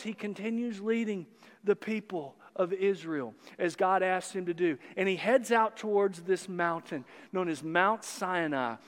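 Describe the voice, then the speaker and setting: A man with a notably high voice preaching a sermon, unhurried and deliberate. He reads scripture and teases his listeners with playful sarcasm. His voice rings with a long reverb, as in a large church sanctuary. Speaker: pastor.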